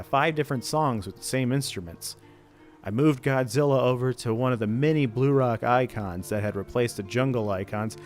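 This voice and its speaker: A man reading a creepypasta aloud in a casual way, breaking off now and then to joke and laugh. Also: medium pitch. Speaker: channel host reading creepypasta. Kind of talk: casual read-aloud of a horror story.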